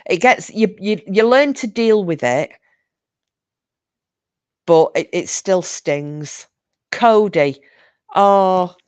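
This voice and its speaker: Chatty woman, low dry voice. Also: darkish tone, no echo. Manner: chatty storyteller, responds to viewers. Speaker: live-stream host. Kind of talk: casual live-stream chat.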